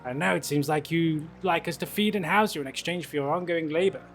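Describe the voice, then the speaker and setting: A man's voice: on the high side, brisk, fairly bright tone, faint music behind. A man voicing a cold, formal female captain in a game. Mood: stern.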